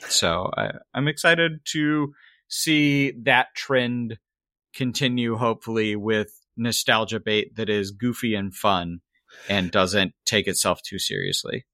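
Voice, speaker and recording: Easygoing male co-host; unhurried delivery, bright and clean on a dry close mic. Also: lowish voice, dry recording. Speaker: podcast co-host. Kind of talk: casual chat.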